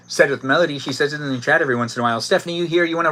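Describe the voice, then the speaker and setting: On a cold evening outdoors, a man hosts a live stream, reading viewer comments and teasing people by name while crickets chirp faintly. His voice is bright, forceful and a little high, racing along with hardly any pauses. He's loose, playful and jokey, and barks and giggles when asked.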